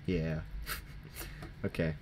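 A teen gaming host talks through his own let's-play on a desk mic, chatty and jokey, thinking aloud and teasing himself. His voice is extremely low and flat, extremely slow, with a noisy background.

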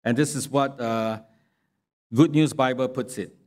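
Guy preaching in church, slow and deliberate, mid pitch, measured delivery. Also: steady tone, a little mellow. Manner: slow, measured preaching with sarcastic read-aloud quotes. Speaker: pastor. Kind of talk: sermon. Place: church sanctuary.

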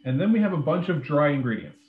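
A man's voice: a little high, fast talker, slight background noise. Chatty man teaching over a tinny call. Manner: relaxed, many ums and uhs, loose explanations. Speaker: beverages director teaching a cocktail class. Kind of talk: live online cooking demonstration. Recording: echoey room over a phone-like line.

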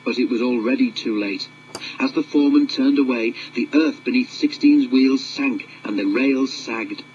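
A man narrating a children's railway storybook in a measured, expressive reading. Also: medium pitch, lo-fi sound, a little hiss or hum.

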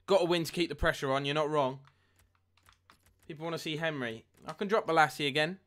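A young man live-streaming a football game, chatting with viewers and getting excited at near misses. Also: fairly high pitch, a little fast. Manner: chatty, reads chat aloud, excitable at goals. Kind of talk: live gameplay commentary and chat.

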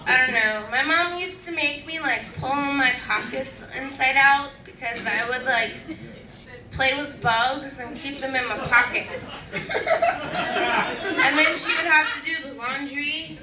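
A woman's voice: high voice, lively intonation, slow, far from the mic, crowd noise. A woman on a comedy panel telling a childhood story in a chatty, giggly way. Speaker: comedy show co-host. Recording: echoey live venue, mic from afar, noise.

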